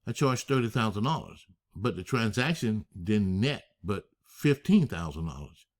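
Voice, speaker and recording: A man teaching a masterclass on structuring deals, emphatic, asking rhetorical questions and slowing down to stress key phrases. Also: lowish voice, lively intonation. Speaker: real estate finance instructor.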